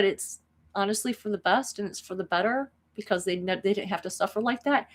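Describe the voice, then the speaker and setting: A woman casually retelling an anime plot as a spiritual vlogger, animated and rambling with restarts. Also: mid-range voice, brisk.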